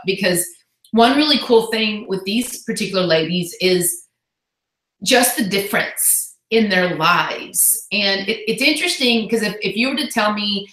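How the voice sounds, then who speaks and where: A woman coach speaks in a heartfelt, chatty way on a casual motivational call and slips in quick asides. Her voice sits at an ordinary middle pitch. The room around her gives a noticeable echo. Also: lively intonation, a bit bright. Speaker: fitness business coach.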